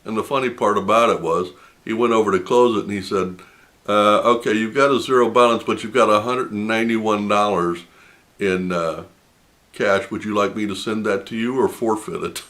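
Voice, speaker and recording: A man's voice: fairly low pitch, steady tone, normal speed, a bit bright. Indignant man retelling a phone argument. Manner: laughs in disbelief. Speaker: personal finance channel host. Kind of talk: casual storytelling to camera.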